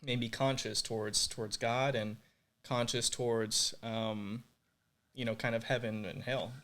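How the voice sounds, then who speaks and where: A young man tells his faith testimony on a podcast, earnest and openly emotional. He leans on filler words as he goes, speaking at an average pitch. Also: level tone, unhurried, fairly bright tone. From Puerto Rico. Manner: earnest, emotional, many fillers like "like" and "you know". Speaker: podcast guest.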